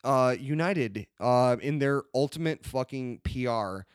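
Man, podcast co-host, loud profane rants, medium pitch, dry sound. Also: lively intonation, a little slow, smooth, dry recording. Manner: loud, swears constantly, ranting. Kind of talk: profane comedic podcast banter.

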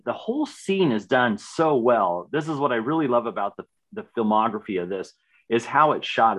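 A man's voice: on the low side, a bit bright. Enthusiastic man co-hosting a podcast. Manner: enthusiastic, repeats words when starting. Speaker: podcast co-host. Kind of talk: casual chat reviewing a TV series.

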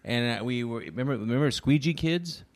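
A man's voice: medium pitch, lively intonation, a little fast. Joking self-deprecating man in his forties. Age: 40s. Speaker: comedian guest. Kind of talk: casual podcast chat.

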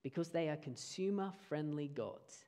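A man preaching a sermon, earnest, often dropping his voice low for emphasis. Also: a little slow, dark tone.

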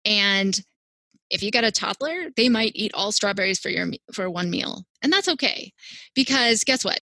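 Woman guest, feeding expert, animated and reassuring, dry close sound. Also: mid-range voice, normal speed, creaky, no echo. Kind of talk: casual interview talk.

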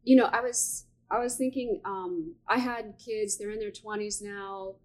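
A woman's voice: mid-range voice, fairly even intonation, a little slow. Reflective woman in her forties. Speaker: podcast co-host. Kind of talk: casual chat.

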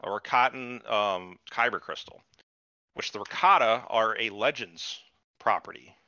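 A man's voice: on the low side, unhurried, pushed and bright, no room sound. A man hosting a podcast, ranting about a show in casual, profane chat. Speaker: podcast host. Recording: dull lo-fi recording.

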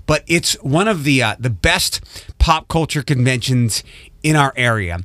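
A man's voice: medium pitch, lively intonation, measured pace, fairly bright tone, no echo. A man hosting a casual morning radio show, running through the lineup with frequent restarts and asides. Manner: rambling, self-interrupting, reads show rundown. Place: radio studio. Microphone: studio microphone.

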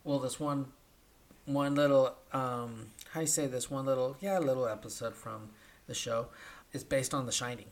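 A man's voice: medium pitch, fairly even intonation, moderate pace. A man hosting a casual podcast chat, rambling through a retelling and ending lines with "right?". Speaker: podcast host.

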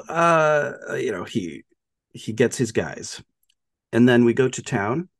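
A man's voice: lowish voice, no room sound, studio quality. A man co-hosting a podcast, casually and animatedly retelling a film's plot with lots of "like" and "uh". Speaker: podcast co-host. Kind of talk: casual film discussion.

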